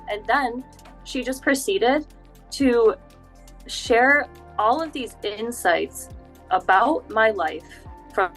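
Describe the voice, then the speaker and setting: A woman from Upstate New York, a spiritual healer, telling her story as a podcast guest in an animated way with quick laughs. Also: medium pitch, low-quality recording. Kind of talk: casual interview chat.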